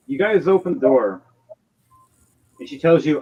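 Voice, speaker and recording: A man's voice: a little high, expressive, moderate pace, long pauses, a little mellow. A man narrating as game master in a tabletop game, rambling and hesitant, with lo-fi stream audio. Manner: rambling, hesitant, lots of fillers and restarts.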